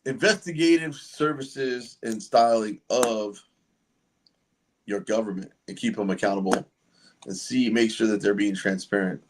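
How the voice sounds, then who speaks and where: A man's voice: lowish voice, a little slow. A man hosting a casual livestream, chatting loosely and joking with viewers and guests. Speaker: livestream host.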